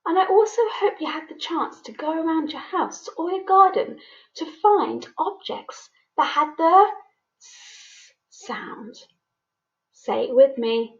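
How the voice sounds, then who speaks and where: A woman's voice: extremely high pitch, animated, dull audio. A woman teacher giving a children's phonics lesson, coaxing young learners to repeat sounds with her. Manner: slow, sing-song, coaxing children to repeat. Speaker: primary school teacher.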